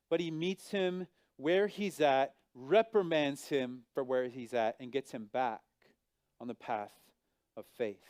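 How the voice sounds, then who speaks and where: A man preaching a sermon as pastor, animated and acting out the voices of biblical figures with big swings in pitch and loudness. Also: moderate pace, clean tone, dry recording.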